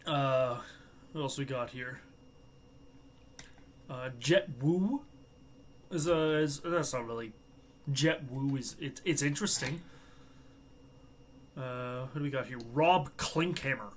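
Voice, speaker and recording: A man's voice: medium pitch, slow pace, long pauses, a little hiss or hum. A young man hosting a live watchalong stream, chatting casually, joking and laughing at his own asides.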